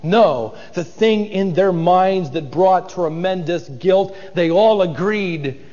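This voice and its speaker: A man's voice: sits high, slow pace, dark tone, long reverb tail, highs cut off. A man preaching an expository sermon, dramatic and acting out the voices of biblical figures.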